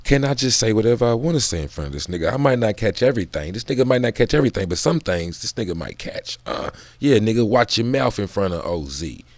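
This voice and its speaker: A man's voice: on the low side, very animated, fast, hardly any pauses, no echo. A man in casual, profane book commentary, drifting off on tangents and laughing between thoughts. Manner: loose, profane, digressive talk.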